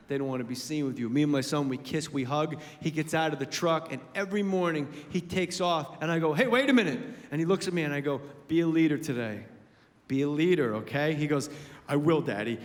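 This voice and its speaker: A man doing a stand-up comedy set, telling animated stories and acting out both sides, swinging from muttering to shouting. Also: fairly high pitch. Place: comedy club stage. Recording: live club recording, roomy hall reverb with audience laughter and noise.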